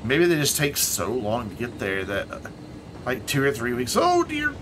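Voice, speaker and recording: A man streaming himself playing a city-building game, talking casually in a relaxed, rambling way and trailing off into muttered asides. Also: mid-range voice, normal speed, noisy background.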